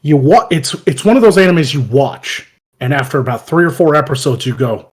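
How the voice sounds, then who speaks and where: Husky-voiced man, profane and animated. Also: a little high, brisk. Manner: profane, animated, laughs loudly while telling stories. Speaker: podcast host. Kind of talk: casual chat.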